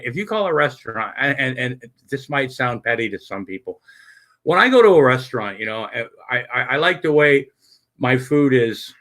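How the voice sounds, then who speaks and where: Male livestreamer, bright forceful voice, rambling, profane, chatty with viewers. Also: mid-range voice. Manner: halting, many fillers and restarts. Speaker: livestream host. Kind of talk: casual late-night livestream chat.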